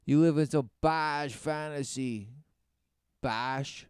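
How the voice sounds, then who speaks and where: Sarcastic high-voiced man, slow and gravelly. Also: animated, dry recording, studio quality. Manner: mocking, sarcastic, swings between loud outbursts and mutters. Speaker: commentator. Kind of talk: sarcastic commentary on a news clip.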